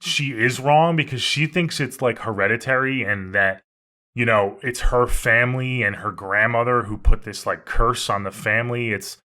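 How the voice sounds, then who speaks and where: A man's voice: medium pitch, sharp tone. A man co-hosting a podcast, talking through a horror film in a laid-back way with casual swearing. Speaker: podcast co-host. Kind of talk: casual movie review chat.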